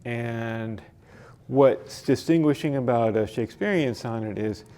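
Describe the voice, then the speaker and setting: A man leading a library poetry workshop, explaining sonnet form slowly with frequent fillers and restarts. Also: mid-range voice, warm tone. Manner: slow, halting explanation with many fillers and restarts. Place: library meeting room.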